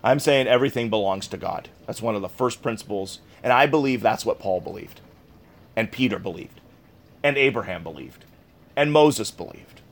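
A man's voice: on the low side, expressive, normal speed. A man pastor delivering a sermon in an earnest, conversational way, repeating key phrases for emphasis.

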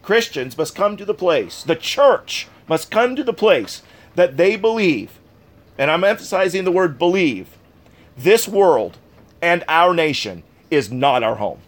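A man's voice: a little high, very animated, unhurried. A man pastor delivering a sermon in an earnest, conversational way, repeating key phrases for emphasis.

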